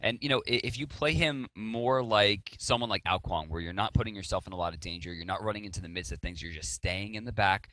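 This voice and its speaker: A man casting a live esports match, breaking down picks and strategy in quick analytical talk. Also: on the low side, pushed and bright, no room sound. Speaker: esports caster. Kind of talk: live esports play-by-play commentary.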